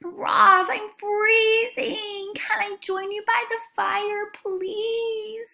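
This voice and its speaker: A woman's voice: very high voice, steady tone, drawn-out words, creaky, bright, forceful tone, voice pushed up, full character voice. A woman voicing a weak, freezing squirrel. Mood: pleading. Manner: weak, pleading.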